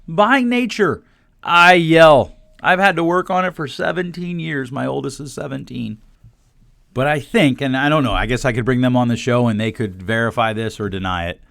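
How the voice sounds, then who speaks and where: A man in his forties hosts a solo podcast, speaking bluntly and animatedly and quoting people in put-on voices. His slightly high, a bit bright voice moves briskly with lively intonation. The sound is clean studio quality with no room sound.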